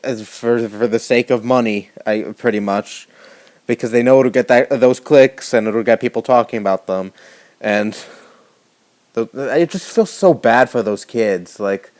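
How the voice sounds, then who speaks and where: A young man delivering an indignant rant to camera, swearing often and halting with fillers and restarts. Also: medium pitch, a little mellow. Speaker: YouTuber. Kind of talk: angry rant vlog.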